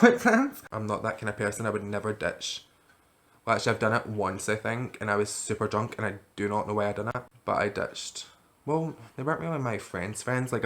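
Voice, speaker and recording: Chatty young Scottish man, swearing. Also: on the low side. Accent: Glaswegian. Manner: chatty, swears freely, animated storytelling. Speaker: vlogger. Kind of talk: casual storytelling vlog.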